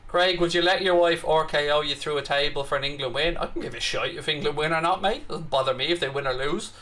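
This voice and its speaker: Irish man, casual live-stream chat, bright tone, a little high-pitched, chatty and excitable. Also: fast. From Ireland. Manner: chatty, reads out viewer comments, bursts into excited reactions. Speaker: host of a live football watchalong.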